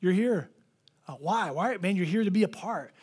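Animated high-voiced male pastor. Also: normal speed, slightly rough. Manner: animated storytelling, acts out quoted voices. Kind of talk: preached sermon. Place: church.

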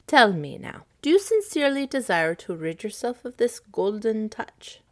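A woman voicing a smiling, mysterious male stranger in a storybook reading, slow and measured. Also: on the high side, sing-song, voice pushed up. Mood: solemn.

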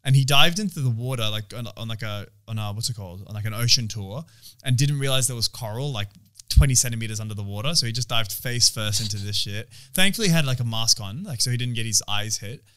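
Young man, rapid rambling storyteller, casual podcast chat. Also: medium pitch, a bit bright. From Australia. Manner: rambling storyteller, lots of fillers. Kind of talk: casual chat with friends, swearing.

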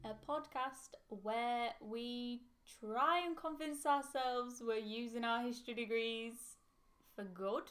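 A young woman hosts a casual podcast in a slightly high voice. She is chatty and laughs easily. She pokes fun at herself as she talks. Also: slow, a bit bright, a little hiss or hum. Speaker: podcast host.

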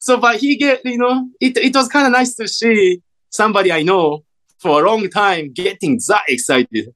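A man's voice: sits high, moderate pace. A man in his forties from Japan with a Japanese accent, an actor chatting as an interview guest and acting out the voices in his stories. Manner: animated storyteller, acts out quoted voices, many fillers. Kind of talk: casual interview chat.

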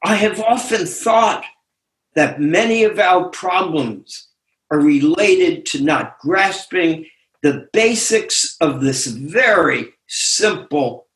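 An older man reads his own essay aloud at an unhurried, deliberate pace, pausing between phrases. His voice sits a little high for a man. The sound comes over a video call and carries a roomy echo. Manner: slow, deliberate reading with pauses.

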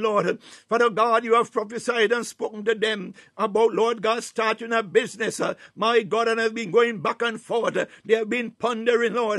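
A man leading a fervent spontaneous morning prayer, punctuating each phrase with calls to God and swelling from hushed tones to near-shouts, at times breaking into tongues. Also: high voice, no room sound, studio quality. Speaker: prayer leader.

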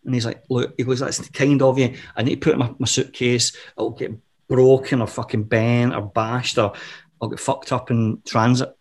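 A middle-aged man talks as an interview guest, swearing freely as he tells one anecdote after another. His voice sits at an ordinary middle pitch for a man. He keeps things casual and lively. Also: moderate pace. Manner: profane, animated anecdotal storyteller.

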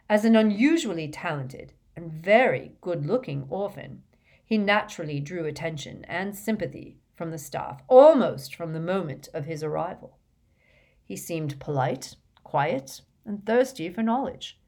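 Woman reading a novel aloud, low voice. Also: a little mellow. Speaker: audiobook narrator. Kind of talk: scripted narration of a novel.

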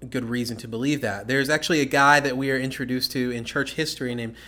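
On a casual podcast, a male co-host teaches scripture in a relaxed chat, explaining steadily and checking in with "okay?" along the way. His medium-pitched voice moves fast with fairly even intonation and a sharp tone.

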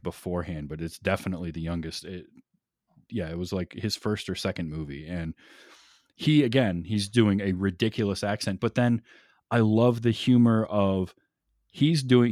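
A man's voice: low voice, normal speed, a little mellow, dry recording, clean studio sound. A man co-hosting a casual movie discussion, enthusiastic and rambling, laughing often. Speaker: podcast co-host.

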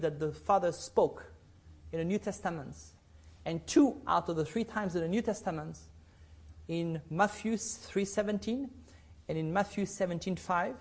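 Guy preaching a bible study, kinda high voice, reads verses slow, goes loud then real quiet. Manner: emphatic, swings between loud and hushed; slow deliberate scripture reading.

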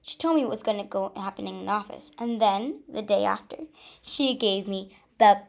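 A woman reading a first-person story aloud with an expressive delivery. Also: mid-range voice, normal speed, creaky. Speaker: story reader.

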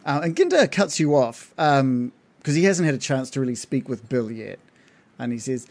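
A man narrating as game master of a tabletop game, relaxed and hesitant with fillers. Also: mid-range voice, normal speed.

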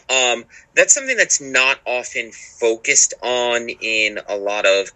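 A man's voice: mid-range voice, animated, slow pace, pushed and bright, low-quality recording. A man co-hosting a hiking podcast, talking in an earnest, reflective way with some swearing. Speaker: podcast co-host. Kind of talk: casual chat.

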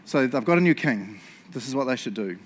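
A man preaching a casual sermon, telling stories in an excitable, chatty way and laughing along. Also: mid-range voice, brisk, slight background noise.

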